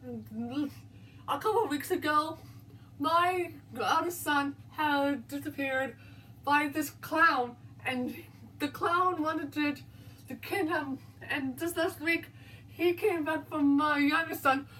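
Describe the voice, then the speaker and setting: A woman's voice: high voice, slow, bright, forceful tone, exaggerated voice. A woman voicing a guilt-stricken male friend who confesses in tears, his words urgent and ominous. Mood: tearful. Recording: distant mic, faint background noise.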